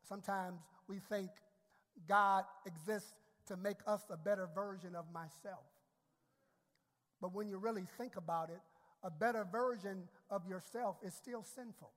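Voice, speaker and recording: A male pastor preaching a sermon, repeating words and rising to shouted climaxes. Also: high voice, steady tone, measured pace. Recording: long hall reverb.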